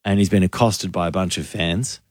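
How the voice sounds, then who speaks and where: A man, co-hosting a radio show and telling stories with quick laughs. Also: deep voice, dry recording, studio quality. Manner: lively storytelling, quick laughs. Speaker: radio host. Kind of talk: casual radio banter.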